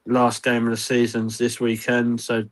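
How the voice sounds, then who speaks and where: A man's voice: medium pitch, monotone, moderate pace. Laid-back male football podcast guest. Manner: laid-back, offhand, laughs easily. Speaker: podcast co-host. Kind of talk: casual football fan chat.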